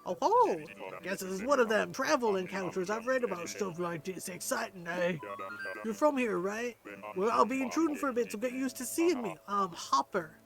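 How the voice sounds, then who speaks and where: A woman reading game dialogue aloud as a breezy solo traveler with a relaxed, folksy way of talking. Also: mid-range voice, normal speed, vocal fry, music in the background.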